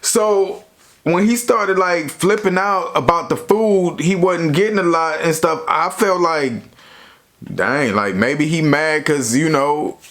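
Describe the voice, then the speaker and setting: Young dude telling a story on his channel, kinda high voice, lots of "you know". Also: slow pace, a bit bright. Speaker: YouTuber. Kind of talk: casual storytelling.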